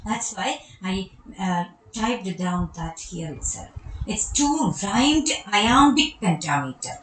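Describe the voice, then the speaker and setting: A woman's voice: mid-range voice, expressive, slow pace, a bit bright, roomy sound, slight background noise, low-quality recording. A woman with a Malayali accent teaching a poetry lesson, explaining step by step and repeating key terms. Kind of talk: recorded online lecture on poetry.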